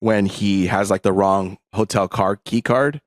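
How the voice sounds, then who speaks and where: Relaxed rambling man, podcast co-host. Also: lowish voice, measured pace, no echo, clean studio sound. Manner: relaxed, rambling, many fillers. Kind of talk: casual chat.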